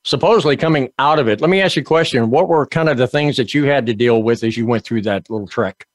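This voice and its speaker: A man's voice: mid-range voice, fast, dry recording. A man hosting a business talk show, reading an upbeat promotional introduction and chatting with his guest. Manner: upbeat, promotional, spells out web addresses. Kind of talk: enthusiastic show host introduction.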